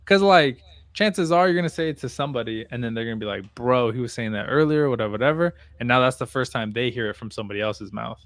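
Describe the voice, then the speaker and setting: A man's voice: medium pitch, quick pace, fairly bright tone, dry recording. A young man co-hosting a podcast, telling a story in a casual, laid-back way, swearing freely and laughing along. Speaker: podcast co-host.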